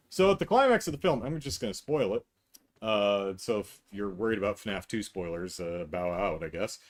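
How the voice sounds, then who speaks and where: A middle-aged podcast host with a mid-range voice talks through a film in a brisk, animated, casual review monologue. He sounds sarcastic and exasperated, mocking lines by acting them out.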